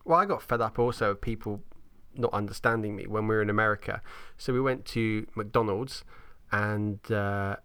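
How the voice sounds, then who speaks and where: A man co-hosting a casual podcast, chatty and quick to laugh. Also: on the low side, a bit bright, clear, resonant tone. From Britain. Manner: chatty, laughing, slips into joke accents. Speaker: podcast co-host. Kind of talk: casual chat.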